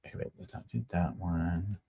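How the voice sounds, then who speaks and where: A man hosting a casual livestream, chatting to viewers in a quiet, hushed voice at home on a wireless microphone. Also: sits low, normal speed, vocal fry, breathy edge. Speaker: livestream host. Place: at home with neighbors next door.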